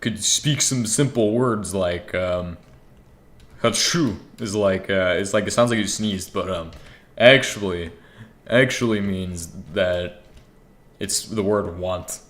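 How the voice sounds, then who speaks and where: A man's voice: sits low, slow pace, a bit bright. A young man casually talking to himself while playing a game, rambling and swearing freely, with keyboard typing behind him. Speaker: gaming streamer. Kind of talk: casual gameplay commentary.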